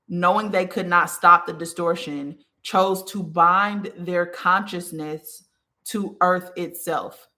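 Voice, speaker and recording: In a relaxed spiritual talk, a woman addresses her audience directly, repeatedly checking in with "okay" and scattering fillers such as "like" throughout. Her voice is on the low side and a touch bright, and she speaks as a spiritual teacher.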